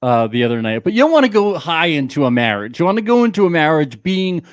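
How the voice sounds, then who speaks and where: A man's voice: fairly high pitch, very animated, fast talker, no room sound. Sarcastic man recapping with a co-host. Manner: sarcastic, jokey, slips into mock Texan drawl. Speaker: podcast co-host. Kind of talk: casual recap chat.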